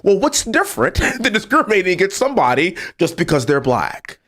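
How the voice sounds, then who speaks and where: A congressman speaking as a podcast guest, earnest and emphatic, telling stories from his own family. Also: brisk. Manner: lively, swings between low serious tones and high exclaiming. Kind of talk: casual podcast conversation.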